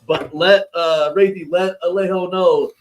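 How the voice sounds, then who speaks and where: A man's voice: high-pitched, steady tone, measured pace. A man hosting a webshow, chatting casually with loose, profane banter. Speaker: webshow host. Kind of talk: casual chat.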